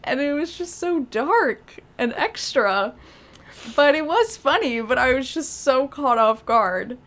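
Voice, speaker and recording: A woman's voice: high voice, lively intonation, takes it slowly, a bit bright. A woman co-hosting a podcast, recapping a film in casual chat with wry, amused disbelief. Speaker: podcast co-host.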